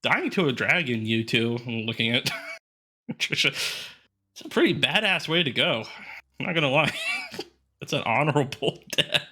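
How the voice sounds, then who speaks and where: A man's voice: medium pitch, sing-song, normal speed, pauses often, pushed and bright. A man playing a tabletop roleplaying game, chatting casually, jokey and laughing often. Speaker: player. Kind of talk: casual chat.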